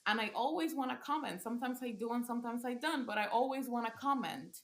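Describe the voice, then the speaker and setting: A woman's voice: fairly high pitch, animated, fast. Woman parent coach, casual podcast talk, earnest, restarts phrases often, roomy echoey recording. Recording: roomy echo.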